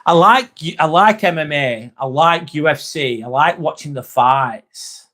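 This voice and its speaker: A man's voice: on the high side, animated, measured pace, bright, forceful tone. A man hosting a casual livestream, chatting with viewers, joking and swearing as he answers their messages. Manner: chatty, jokey, swears, talks straight to viewers. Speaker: livestream host reading chat. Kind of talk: casual live-stream chat.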